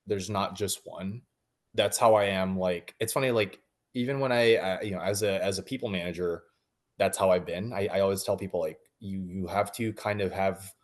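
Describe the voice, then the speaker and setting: A man in his thirties, a coaching client, talking casually in an interview with many fillers and restarts. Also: low-pitched.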